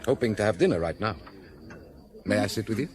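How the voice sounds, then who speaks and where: A man's voice: on the low side, expressive, fairly quick, a crowd in the background, lightly acted. An actor playing a male police inspector who narrates and chats with understated, dry humour in a radio drama. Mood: wry.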